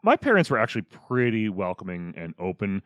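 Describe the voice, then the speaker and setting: A man's voice: on the low side, big pitch swings, a little fast, fairly bright tone, dry recording, clean studio sound. A man co-hosting a film podcast, wry and teasing in casual chat. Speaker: podcast co-host. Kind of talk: casual film review chat, partly scripted.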